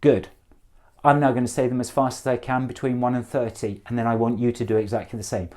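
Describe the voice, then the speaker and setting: A middle-aged man with an English accent, a Spanish teacher drilling numbers for students to repeat, brisk, encouraging and gently jokey. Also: mid-range voice, level tone.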